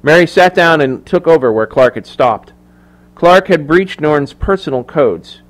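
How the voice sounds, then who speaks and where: A man narrating a thriller audiobook in measured, even storytelling. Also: on the high side. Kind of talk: scripted narration.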